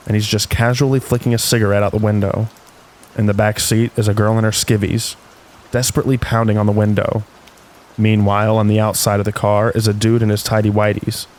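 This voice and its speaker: A man reading stories aloud in calm, unhurried scripted narration meant for falling asleep. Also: lowish voice. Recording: faint rain noise behind.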